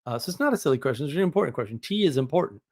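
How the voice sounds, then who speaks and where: A man's voice: on the high side, expressive, very fast, darkish tone. A man from New England hosting a live stream, chatting casually, rambling and joking with exaggeration as he answers viewers. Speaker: live stream host reading chat.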